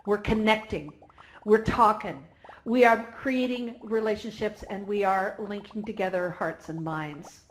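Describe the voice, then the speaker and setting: A woman speaking as organizer at a conference closing ceremony, excited and emotional, laughing often. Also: mid-range voice, a little slow, slight background noise. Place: virtual reality event.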